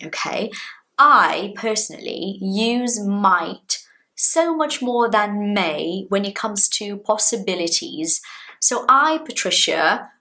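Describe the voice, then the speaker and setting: A woman's voice: mid-range voice, a bit bright. A woman from Brazil whose first language is Portuguese, giving a chatty, reassuring English lesson to camera and stretching words for emphasis. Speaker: English teacher.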